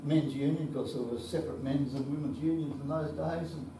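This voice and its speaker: A man's voice: mid-range voice, fairly even intonation, fairly quick, background noise. A man in his seventies with an Australian accent, telling anecdotes at a conference with salty swearing and chuckles. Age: 70s. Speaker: conference speaker. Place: conference hall. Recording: echoey hall, distant mic.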